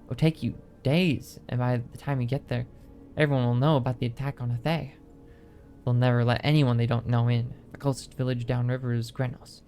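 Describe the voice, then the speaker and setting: Guy reading a sloshed moody elf boat captain, plain mid voice, game music low in the back. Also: fairly quick, close to an everyday voice. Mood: urgent. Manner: read aloud flatly from a book. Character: drunken elf riverboat captain, miserable and surly.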